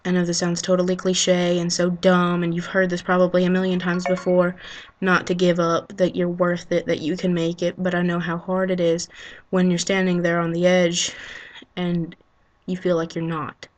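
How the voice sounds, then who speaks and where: A woman speaks straight into a low-grade built-in webcam mic, her voice sitting on the low side and barely moving in pitch. She talks haltingly and with feeling, sighing often and filling gaps with ums and you-knows as she works out what to say. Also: completely flat delivery. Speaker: vlogger. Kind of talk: unscripted heartfelt monologue to camera.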